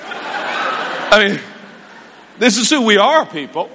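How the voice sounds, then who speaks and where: A man preaching a sermon in a church, animated and self-mocking, with quick asides. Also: sits high, noisy background. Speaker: pastor. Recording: echoey church hall.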